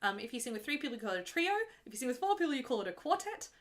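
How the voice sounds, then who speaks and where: A woman's voice: sits high, sing-song, rapid-fire. A young adult woman who sings opera, chatting on a live stream in a joking, casual way while explaining arias to viewers. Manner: chatty and joking, breaks into full operatic singing. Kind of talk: live stream chat and teaching.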